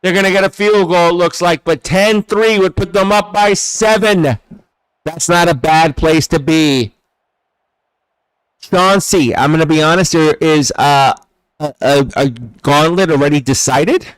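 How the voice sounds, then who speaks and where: Calling plays in a football video game, this live-streamer shifts between excited bursts and quiet chats with his viewers. His voice is fairly high, clean and a little slow, and he sometimes wanders off from his desk mic.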